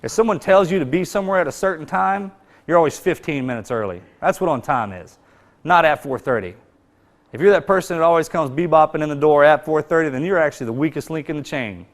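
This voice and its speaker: A man delivers a motivational talk at a brisk, driving clip. His phrasing is emphatic and street-casual, and he hammers his points home. His voice rises in force when he acts out a drill instructor's shouting. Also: fairly high pitch, lively intonation. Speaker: motivational speaker. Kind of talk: storytelling speech.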